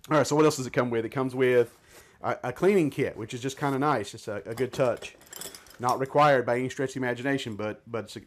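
A man reviewing gear in a casual hands-on demonstration, chatting and thinking aloud as he handles each part. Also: medium pitch.

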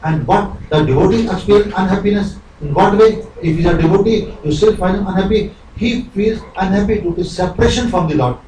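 A man delivers a devotional sermon in a fairly high voice, earnest and rhetorical, slipping into little acted-out dialogues. He sits well back from the mic, so the live recording sounds roomy and echoey. A faint hum of ambience stays underneath. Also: brisk, hardly any pauses, dark tone, recorded from a distance. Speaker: spiritual teacher.

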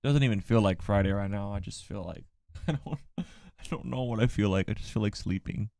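Joking male streamer with a smooth, resonant voice and a dry, close sound. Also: lowish voice, fairly quick, dark tone, dry recording. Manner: joking, teasing banter. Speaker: livestreamer. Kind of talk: casual livestream chat.

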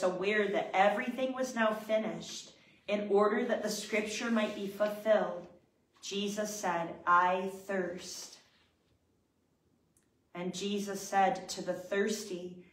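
A woman leading prayer, reading scripture aloud in a measured, reverent way. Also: mid-range voice. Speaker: prayer leader. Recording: roomy, distant from the mic.

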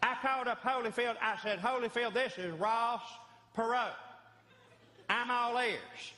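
A reedy, high folksy old politician. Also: male voice, a little slow, sharp tone, exaggerated voice. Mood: feisty. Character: older male businessman-politician, reedy and folksy. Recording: reverberant church hall, live.

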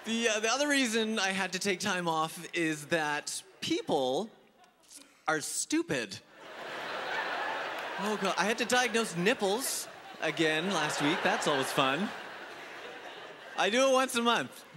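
High, lively stand-up comedian, exasperated. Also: male voice, unhurried, pauses often. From Africa. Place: comedy club stage before a live audience. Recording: live club set with loud audience and noise.

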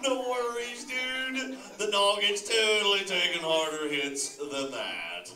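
Crush, a mellow surfer-dude sea turtle dad, played by a man, drawling slang in a slightly high, bright voice. He laughs easily and talks right to the crowd in a live cartoon show. The sound is echoey and a little distant, as if heard from across a hall. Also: slow, exaggerated voice. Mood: stoked, laid-back. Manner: lively, laughs often, talks straight to the audience. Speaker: live show performer chatting with an audience.

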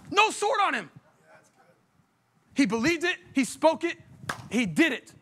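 High, bright-voiced fiery preacher man. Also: very animated, normal speed. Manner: fiery, emphatic preaching with rhetorical questions; blunt, folksy talk. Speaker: pastor. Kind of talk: sermon.

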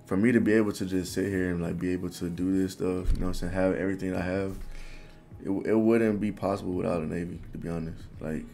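A man in his twenties telling a personal story to the camera in a casual, animated, slangy way. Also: low voice, fast, gravelly, faint music behind. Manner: animated, loose slangy talk full of "bro". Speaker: vlogger.

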